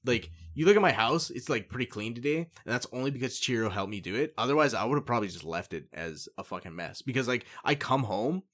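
A man co-hosting a podcast who talks candidly in a halting way, with many fillers. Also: mid-range voice, animated, fairly bright tone. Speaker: podcast co-host. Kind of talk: casual chat.

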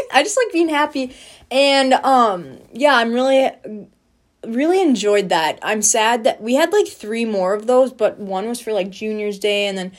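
A young woman, a college student, chatting casually about her freshman year, bubbly and full of "like" and "um". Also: mid-range voice. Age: young adult. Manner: chatty and bubbly, heavy use of "like" and "um". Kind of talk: casual storytelling chat.

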